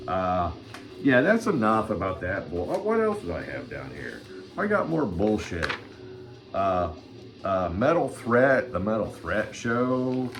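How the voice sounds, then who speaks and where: A man's voice: fairly low pitch, sing-song, a little slow. An older man hosting his own channel, ranting crudely and swearing constantly in a rambling vlog. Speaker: channel host. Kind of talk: rambling profane vlog rant.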